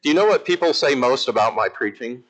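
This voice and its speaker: A man who is an Episcopal priest, preaching a lively, emphatic sermon in church with humorous asides. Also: mid-range voice, fast, rough recording.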